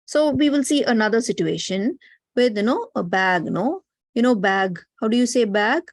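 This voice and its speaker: Woman, Indian English accent, language teacher, higher voice, dry sound, explanatory. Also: lively intonation, normal speed, dry recording. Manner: explanatory, often tags sentences with "no?" and "right?". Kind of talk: online class lecture. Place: online class.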